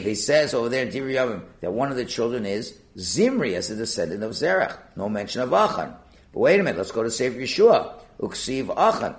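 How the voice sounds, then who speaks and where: A man leads a Talmud class, his voice swinging up and down as he works through the text. He fires off rhetorical questions and answers them himself, line by line. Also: medium pitch. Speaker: Talmud teacher.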